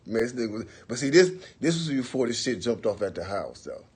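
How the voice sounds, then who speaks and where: Telling stories to his viewers on a phone livestream, this host talks briskly with lively intonation in a low, slightly mellow voice with a breathy edge. He's laid-back and profane, and "for real" and "you know what I'm saying" come up often.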